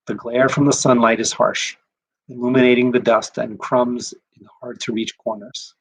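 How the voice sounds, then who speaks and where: A rabbi reading a short story aloud in a measured, expressive way. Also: male voice, mid-range voice, breathy edge, low-quality recording. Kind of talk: scripted narration of a short story.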